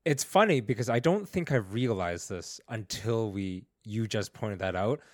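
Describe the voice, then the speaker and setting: A man's voice: lowish voice, moderate pace, dry recording, studio quality. A man co-hosting a podcast, chatting casually and a little self-deprecatingly. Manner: relaxed, self-deprecating, hedging with fillers. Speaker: podcast co-host.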